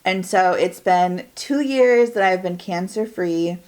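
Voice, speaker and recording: A woman's voice: on the low side, darkish tone. Chatty, candid woman in her forties. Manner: candid, chatty, drawn-out and trailing off. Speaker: beauty vlogger. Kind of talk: chatty get-ready-with-me monologue. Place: at home doing her makeup and hair.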